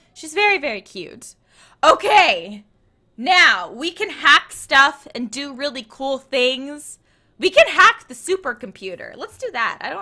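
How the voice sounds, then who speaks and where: A young let's play host with a high, sharp voice offers chatty, lighthearted commentary on what she's playing, chatting to the characters on screen as she goes.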